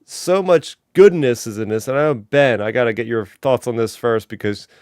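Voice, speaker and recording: A man's voice: mid-range voice, moderate pace, darkish tone, clear, resonant tone, no room sound, studio quality. A man hosting a fan podcast, running through announcements and news in an enthusiastic, casual way. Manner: enthusiastic, talks through housekeeping. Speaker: podcast host.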